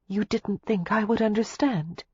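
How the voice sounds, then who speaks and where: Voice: mid-range voice, unhurried, breathy edge, no echo, muffled recording, pitched above the performer's own voice. A narrator voicing a spirited young American heiress in love in an audiobook, speaking earnestly and insistently. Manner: earnest, pleading. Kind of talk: audiobook character reading.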